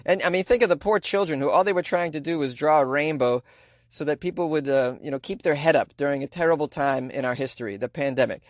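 A man's voice: on the high side, fast, no echo, studio quality. Middle-aged boston guy doing his comedy news podcast from a closet, sarcastic, no room sound at all. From Boston, USA. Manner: joking, sarcastic, ranting with laughs. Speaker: podcast host. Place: small closet.

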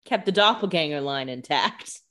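A woman's voice: deep voice, lively intonation, normal speed, a bit bright. A woman co-hosting a podcast, chatting casually and adding wry, joking asides. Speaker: podcast co-host. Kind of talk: casual chat.

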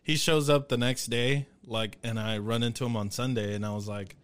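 A man's voice: mid-range voice, fairly even intonation, normal speed, a bit bright. A young man co-hosting a podcast, telling a story in a rambling, casual and profane way. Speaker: podcast co-host. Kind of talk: casual chat.

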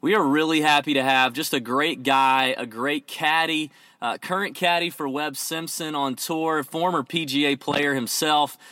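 A man's voice: a little high, steady tone, moderate pace, hardly any pauses, bright, forceful tone, no room sound. A man hosting a podcast in a friendly, joking manner, with plenty of casual fillers. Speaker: podcast host.

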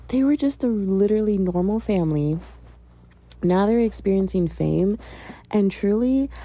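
A woman's voice: lowish voice, warm tone. A young woman talking in a casual monologue, chatty and emphatic, with lots of filler and mild swearing. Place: home room.

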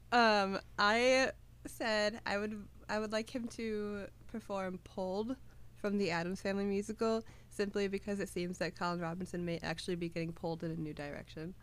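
A woman's voice: mid-range voice, steady tone, normal speed. A young woman co-hosts a casual podcast and gushes about what she has watched. She giggles often and fills her talk with "like" and "um". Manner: giggly, gushing, lots of fillers. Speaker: podcast co-host. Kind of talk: casual chat.

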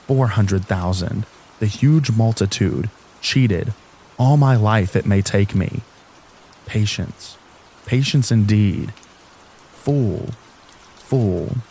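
Here a man plays a reclusive male stranger who snaps and mutters his words. The voice sits low and warm. The temper is short and irritable. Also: fairly even intonation, moderate pace, slight background noise, close to an everyday voice, poor audio. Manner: snapping, muttering.

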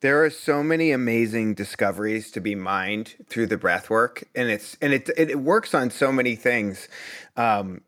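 A man's voice: mid-range voice, expressive, normal speed, a bit bright. A man from Boston, a breathwork instructor, talking bluntly and earnestly in a conversational interview. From Boston, US East Coast.

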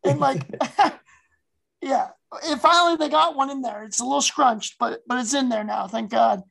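Upbeat woman co-host with a gravelly, slightly high voice; casual and chatty. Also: normal speed, low-quality recording. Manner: chatty, animated, frequent fillers. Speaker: podcast co-host. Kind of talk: casual sports chat.

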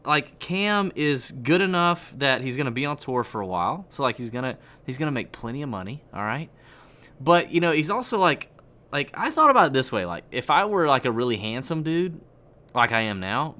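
A man's voice: mid-range voice, pushed and bright. A man co-hosting a casual golf chat, joking and rambling through his answers. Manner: joking, rambling, self-deprecating. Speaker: podcast co-host. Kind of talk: casual banter.

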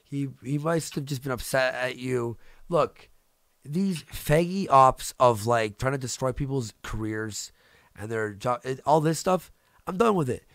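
A man's voice: medium pitch, animated, measured pace, a bit bright, no room sound, clean studio sound. A man, a streamer hosting the show, ranting in heated casual chat, profane and repeating himself. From Canada. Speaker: streamer host.

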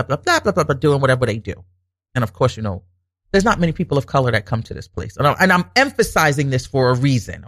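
Woman, casual storytelling monologue, lively swooping pitch, acts out quoted lines, emphatic, dry close sound. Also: dry recording. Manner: animated, acts out quoted dialogue, emphatic repetition. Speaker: vlogger telling a personal story.

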